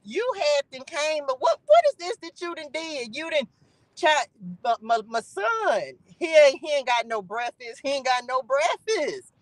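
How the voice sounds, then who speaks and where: A woman voicing a poor widow who pleads in a frantic, stammering way, her pitch rising. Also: big pitch swings, unhurried, no echo. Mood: frantic pleading.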